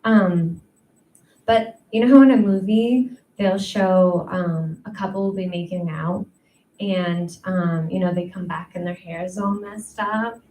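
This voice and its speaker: A young woman doing a stand-up set, talking slowly and loosely, filling her pauses with "um" and "like." Her voice sits a bit back from the mic in an echoey room with faint noise underneath. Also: lowish voice, fairly even intonation, mellow, recorded from a distance. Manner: chatty, self-deprecating, many ums and likes. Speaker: stand-up comedian.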